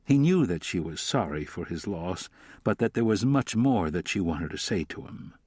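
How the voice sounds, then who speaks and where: Deep-voiced male audiobook narrator. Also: big pitch swings, a little mellow, breathy edge, no room sound, clean studio sound. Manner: measured, descriptive. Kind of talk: scripted narration.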